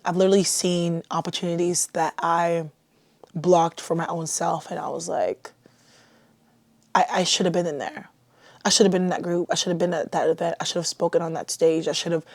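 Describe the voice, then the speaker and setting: A young Haitian woman hosts her own podcast in a lowish, slightly mellow voice with no echo. She chats casually on her own, putting herself down and saying "like" a lot.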